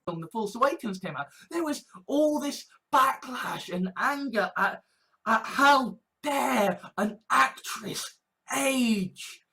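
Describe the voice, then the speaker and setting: A woman delivers a rambling vlog rant in a notably high voice. She mocks outrage with sarcasm and swears freely. Her pace stays slow and deliberate. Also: animated, pushed and bright. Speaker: online commentator. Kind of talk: ranting vlog commentary.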